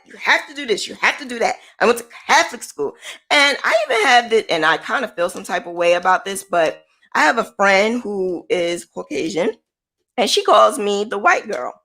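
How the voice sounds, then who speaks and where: A woman mentoring her viewers in a personal, motivational talk to camera. She speaks candidly and conversationally, leaning hard on key words. Her pitch rises and falls sharply as she drives her points home. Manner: candid, emphatic, conversational, with lively pitch swings. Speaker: small business owner and mentor.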